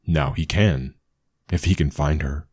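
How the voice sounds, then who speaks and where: A man voicing a calm, blunt male troll in a storybook reading, speaking low and subdued. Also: unhurried.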